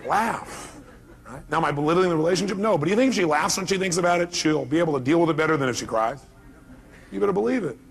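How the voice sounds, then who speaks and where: A high-voiced man delivering a motivational seminar speech. He speaks emphatically and keeps tossing rhetorical questions to his listeners. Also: expressive, fast, vocal fry, faint music behind.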